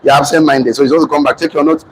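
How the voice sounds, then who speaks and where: A man with a Nigerian accent giving a loud, fervent motivational speech to a live audience, repeating phrases like a preacher. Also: fairly high pitch, fairly even intonation, fast, a little hiss or hum, rough recording. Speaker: motivational speaker and business trainer. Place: training hall with a live audience.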